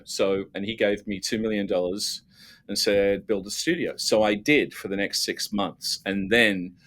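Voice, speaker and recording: A man, a guest telling lively, self-mocking stories from his career with many restarts. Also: fairly low pitch, measured pace. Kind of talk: casual storytelling.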